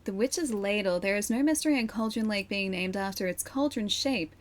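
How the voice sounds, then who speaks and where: A woman's voice: mid-range voice, a little fast. A young woman streamer chatting casually as she plays a game at her PC, reacting and laughing often. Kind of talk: casual live-stream gaming chat. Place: home room at her PC.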